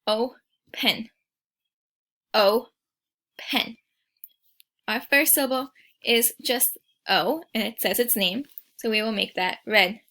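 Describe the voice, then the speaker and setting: A woman teacher giving a recorded spelling lesson, speaking patiently and sounding out each word slowly and clearly. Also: a little high, sharp tone.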